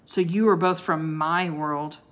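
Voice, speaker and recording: A woman voicing a gruff, commanding old male ice wizard who bellows and growls. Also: low-pitched, fairly even intonation, a little slow.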